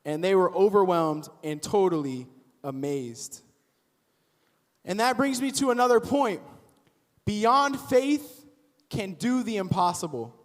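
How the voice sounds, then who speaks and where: High-voiced young man preaching in a reverberant hall. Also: slow pace, long pauses. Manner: casual and animated, acts out the story characters. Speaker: youth pastor. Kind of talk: youth sermon. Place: church auditorium.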